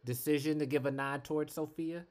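A man hosting a podcast interview, asking questions as an eager fan, his voice trailing off softly at phrase ends. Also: a little high, steady tone, brisk. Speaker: podcast host. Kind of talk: casual interview talk.

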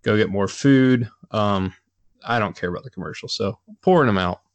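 A man's voice: fairly low pitch, normal speed, no echo. A man co-hosting a casual podcast, grumbling bluntly about things that annoy him. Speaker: podcast co-host. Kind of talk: casual chat.

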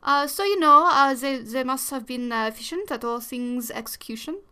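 Young woman, podcast host, chatty and rambling, bright, slightly high voice, close studio mic. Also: moderate pace, clean tone. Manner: chatty, rambling, giggly, with many fillers. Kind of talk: casual solo podcast chat. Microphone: new studio microphone.

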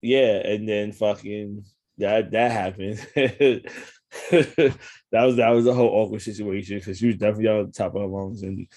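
A man's voice: on the low side, steady tone, moderate pace, darkish tone. A man telling stories in casual chat, slangy and laid-back, laughing often.

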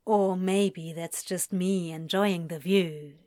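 Woman doing a low, drawling flirtatious man. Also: steady tone, slow, dark tone, no room sound, studio quality. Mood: teasing. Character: flirtatious male seducer on the phone.

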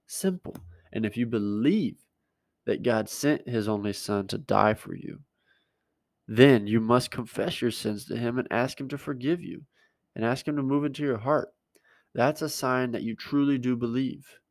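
A man's voice: medium pitch, moderate pace, vocal fry, no echo. A male pastor giving a conversational sermon, plain-spoken and emphatic, repeating his key words.

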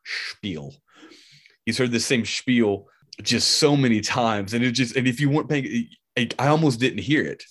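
A man co-hosting a podcast, talking about a film in a casual, animated way with frequent restarts. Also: mid-range voice, normal speed. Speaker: podcast co-host.

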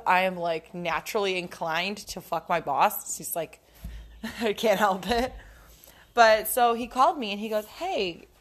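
Hosting a solo podcast, a young adult woman speaks in a mid-range, fairly bright voice. Her casual talk is frank and profane, and she keeps dissolving into giggles.

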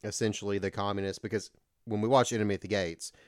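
A man's voice: on the low side, fairly even intonation, quick pace, no echo, clean studio sound. A man co-hosting a casual movie review podcast, blunt and jokey, often quoting characters in silly voices. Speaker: podcast co-host.

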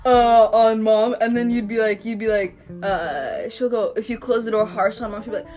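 A young woman with a high, bright-sounding voice, giggling and teasing through a casual chat. She jumps quickly between stories, with faint music playing behind her. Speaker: co-host.

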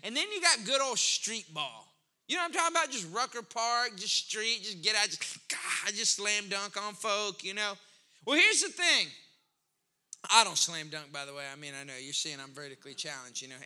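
Bright-voiced, high-pitched male preacher. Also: brisk. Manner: conversational, animated preaching with rising emphasis. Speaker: pastor. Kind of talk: sermon.

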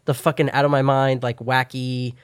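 A young man tells a rambling story in casual chat, cursing constantly and yelling out his own past lines. His voice sits at an ordinary middle pitch. The room sounds dry and close. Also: level tone, normal speed, smooth, no room sound. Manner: profane, rambling storytelling with loud acted-out shouts. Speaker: guest telling a story.

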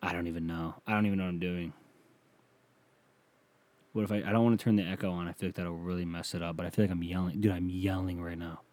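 A man's voice: low voice, level tone, quick pace, a little mellow. A man hosting a casual solo podcast from a small home studio, talking crude and rambling and mocking himself, close on a sensitive mic. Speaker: podcast host.

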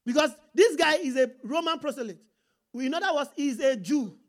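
At normal speed, this high-pitched woman preaches animatedly, reading scripture aloud and stopping now and then to call to her audience and confirm they're following along.

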